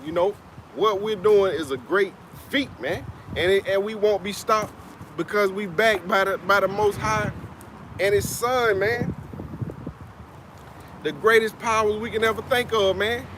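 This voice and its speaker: This street preacher has a high-sitting, unhurried voice over a noisy background. He preaches casually and conversationally outdoors in the Atlanta area, often ending sentences with "man" and chuckling now and then.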